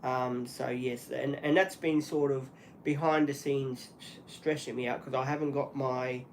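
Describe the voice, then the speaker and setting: A man hosting a solo livestream, talking earnestly and apologetically in halting speech with many restarts and fillers. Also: mid-range voice, fairly even intonation, slight background noise. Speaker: channel host.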